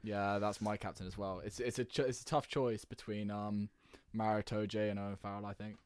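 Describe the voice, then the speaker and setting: A young man in lively, argumentative podcast banter, his voice a touch low and heard close and dry. He rattles through lists of names and pushes his points with quick energy. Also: clean tone, no room sound. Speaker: podcast co-host. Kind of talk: casual sports banter.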